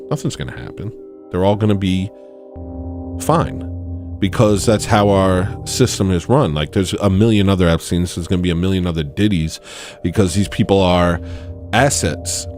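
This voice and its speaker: A podcast host with a low, darkish voice tells a rambling story full of digressions and laughing asides. In this casual monologue, he often checks in with "you know what I mean."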